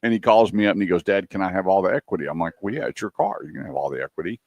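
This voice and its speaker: Deep-voiced man telling a story. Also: racing, gravelly, no echo. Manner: animated storyteller, acts out quotes. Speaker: radio show co-host. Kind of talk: casual radio chat and storytelling.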